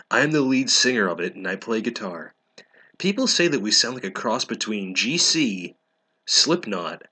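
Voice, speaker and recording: A man reads aloud in a deadpan, mocking tone. His voice sits a little low but sounds bright and sharp, and he takes his time with every line. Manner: sarcastic, deadpan, breaks into laughter. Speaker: comedic reader. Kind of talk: mocking dramatic reading of fan fiction.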